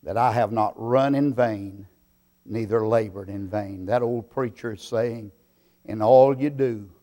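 Slow, emphatic preacher man. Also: mid-range voice. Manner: slow deliberate preaching with sudden loud emphatic swells. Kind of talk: sermon.

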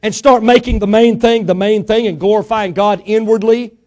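A middle-aged man preaching a sermon to his church, emphatic, swinging between loud build-ups and quiet asides, full of rhetorical questions. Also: sits high, fairly even intonation, moderate pace. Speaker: pastor.

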